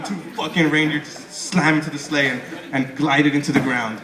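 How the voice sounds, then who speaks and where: On a comedy club stage, a young man does a rambling stand-up set, swearing and stammering through restarts. His voice is a little high and fairly bright, with fairly even intonation and a slightly fast delivery with few pauses. The echoey room carries crowd noise and audience laughter.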